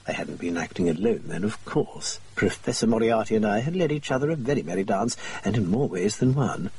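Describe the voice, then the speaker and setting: Male audiobook narrator with a husky voice. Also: on the low side, animated, brisk, hardly any pauses, darkish tone, recorded from a distance. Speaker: audiobook reader. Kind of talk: scripted narration.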